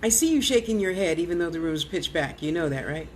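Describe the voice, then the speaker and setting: A woman who vlogs and works as a spiritual teacher shares a personal testimony, talking fast in a lowish voice against slight background noise. She chats animatedly, acts out other people's words, drops into whispers, and scatters "you know" throughout.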